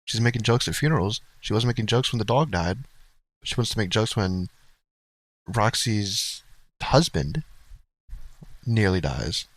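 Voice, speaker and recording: A man's voice: fairly low pitch, expressive, measured pace, pauses often, no room sound. A man hosting a live stream, cracking wry jokes and talking to his chat between arguments. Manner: wry, joking asides to chat. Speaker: streamer host.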